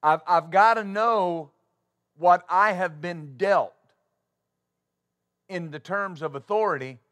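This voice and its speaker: Pastor guy preaching, kinda high voice for a man, hits points hard w questions. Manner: emphatic preaching with rhetorical questions, building to loud stresses; halting with uh fillers when starting. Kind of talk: sermon.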